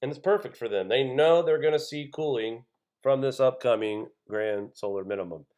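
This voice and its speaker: A man's voice: mid-range voice, normal speed, a little mellow, muffled recording. A man hosting his own channel, reading weather news aloud and commenting on it in an indignant, conversational way, often calling his viewers folks. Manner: reads news items aloud then comments. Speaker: channel host.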